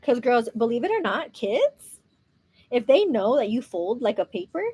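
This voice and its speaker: Chatty El woman, bright high voice. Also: big pitch swings, moderate pace, slightly rough, no room sound. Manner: chatty, mixes Spanish words into English, swears playfully, laughs often. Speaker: beauty vlogger. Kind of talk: chatty get-ready-with-me talk.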